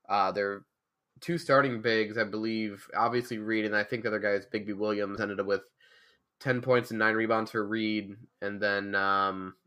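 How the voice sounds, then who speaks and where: A man's voice: lowish voice, a bit bright. A man co-hosting a sports podcast, chatting casually and rambling through a fan's basketball breakdown with some sarcasm. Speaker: podcast co-host.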